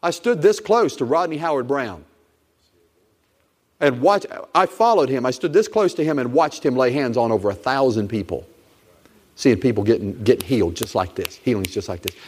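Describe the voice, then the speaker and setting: A middle-aged pastor preaching in an emphatic, repetitive way, pressing his points home again and again. His voice sits at a mid pitch and trails into a long reverb, as heard in a church sanctuary. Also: animated, normal speed, slightly rough. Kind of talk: sermon.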